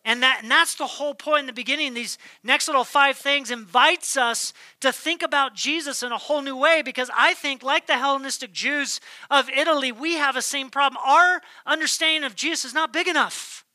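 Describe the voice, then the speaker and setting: Bright, high-voiced preaching man. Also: a little fast, hardly any pauses, no room sound. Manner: emphatic, swings between loud declarations and hushed near-whispers. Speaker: pastor. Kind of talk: sermon. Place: church.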